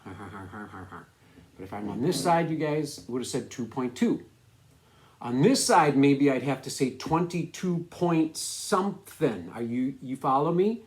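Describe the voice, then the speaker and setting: Man, science teacher, chatty and upbeat, mid pitch, roomy echo. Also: lively intonation, measured pace, darkish tone. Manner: chatty, upbeat, laughs often, asks students to follow along. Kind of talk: casual classroom video lesson. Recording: echoey room.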